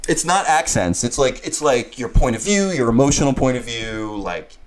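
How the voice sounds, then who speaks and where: A man's voice: mid-range voice, lively intonation, moderate pace, a little hiss or hum. A man co-hosting a podcast in casual chat, with a teasing, playful manner. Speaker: podcast co-host.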